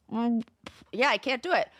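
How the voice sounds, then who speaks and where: A woman's voice: mid-range voice, a bit bright, no room sound, studio quality. A woman co-hosting a podcast in casual chat, playful and jokey. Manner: playful, jokey, drops into silly voices. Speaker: podcast co-host.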